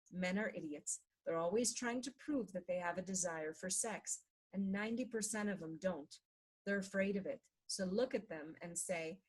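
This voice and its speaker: A woman reading a book aloud in a measured way, slowing down on repeated chant-like refrains. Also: medium pitch, slightly rough, rough recording. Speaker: reader of a book.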